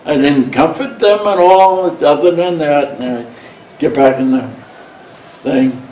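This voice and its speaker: An older man in his seventies recalls his service in an unhurried, deliberate way, blunt and salty in his wording. His voice sits back from the mic in a reverberant room, with faint ambient noise underneath. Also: on the high side, mellow. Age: 70s. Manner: blunt and profane, retells scenes by quoting himself. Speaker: veteran interviewee. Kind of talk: oral history storytelling. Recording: roomy sound, mic set at a distance, faint background ambience.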